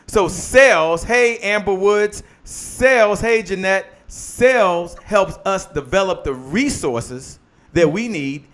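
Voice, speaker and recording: A man with a somewhat high voice hosts a live business show. He preaches in call-and-response, asking the audience to finish his lines and greeting viewers by name. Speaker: host.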